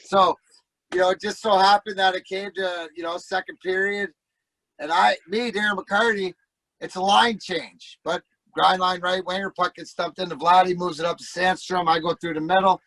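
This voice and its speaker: A middle-aged man, a former hockey player and podcast guest, telling profane stories in a casual, animated way and acting out the voices. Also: high voice, normal speed, no room sound, low-quality recording. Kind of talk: casual storytelling.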